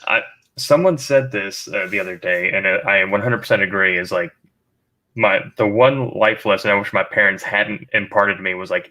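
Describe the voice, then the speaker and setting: Man, livestream host, low voice, bright and forceful, jokey, reads comments aloud. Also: normal speed. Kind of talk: casual livestream chat.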